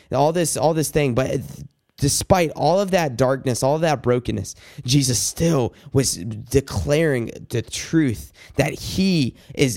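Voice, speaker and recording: Earnest man with a gravelly voice. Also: medium pitch, darkish tone. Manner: earnest, halting, with many restarts and asides to God. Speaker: devotional speaker. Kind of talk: personal Bible devotional. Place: indoors at night.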